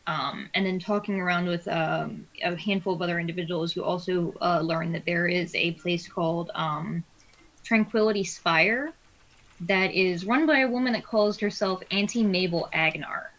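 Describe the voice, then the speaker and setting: Brief: female game master, low-ish voice, hesitant filler-heavy narration. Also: a bit bright, poor audio. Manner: hesitant, many filler pauses.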